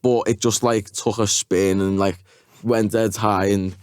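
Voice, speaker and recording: A man's voice: on the low side, steady tone, unhurried, a little mellow, clean tone, dry recording. Hesitant man, dry studio sound. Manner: hesitant, many fillers and restarts, laughs. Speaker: podcast guest, TikToker. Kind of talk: casual chat. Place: podcast studio.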